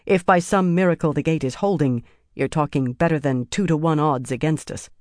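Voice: mid-range voice, normal speed, darkish tone, no echo, studio quality, close to an everyday voice. A reader voicing a blunt, practical woman guard captain in an audiobook. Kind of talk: audiobook character voice.

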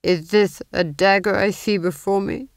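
A woman's voice: medium pitch, steady tone, no room sound, clean studio sound, close to an everyday voice. A woman doing a snarling, mad old duke. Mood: crazed whispering. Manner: slow, drawn-out, menacing. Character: mad paranoid scheming male duke, snarling. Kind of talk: audiobook character voice.

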